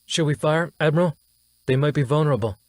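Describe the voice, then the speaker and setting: Man doing a young woman lieutenant, audiobook, tense quick questions, raised pitch. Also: a little mellow, no room sound, lightly acted. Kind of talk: audiobook character voice.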